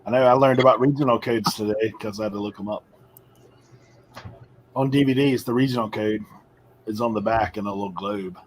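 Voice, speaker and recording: A man's voice: lowish voice, brisk, long pauses, slight background noise, rough recording. A man co-hosting a casual livestream, joking around and laughing often. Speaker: livestream co-host. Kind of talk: casual chat.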